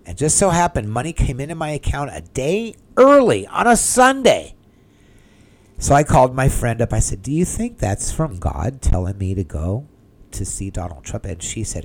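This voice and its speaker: A man casually telling a personal story to the camera in an excitable, rambling way, acting out the conversations he had. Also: medium pitch, moderate pace. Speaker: vlogger.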